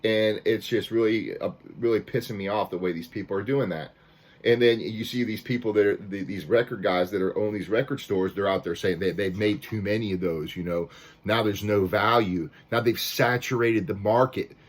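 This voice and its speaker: A man's voice: fairly low pitch, normal speed. A man ranting to camera as a record collector, fired up and frustrated, with many restarts and mild cursing. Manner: fired-up, repetitive restarts, swears mildly. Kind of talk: casual rant to camera.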